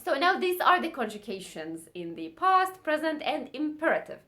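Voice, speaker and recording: Lively high-pitched woman teaching. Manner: repeats words slowly, drills conjugations rapidly. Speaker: Arabic teacher. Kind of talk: casual online language lesson.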